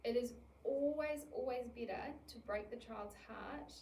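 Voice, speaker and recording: A woman, an early childhood educator giving an animated talk on child care, acting out little scenes in quoted voices. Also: on the high side, measured pace, slight background noise. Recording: echoey room, mic at a distance.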